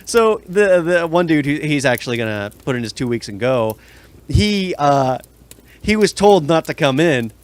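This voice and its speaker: A man's voice: on the high side, big pitch swings, moderate pace. A young man telling long, rambling work stories in a casual podcast chat. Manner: rambling storyteller, many restarts. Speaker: podcast co-host.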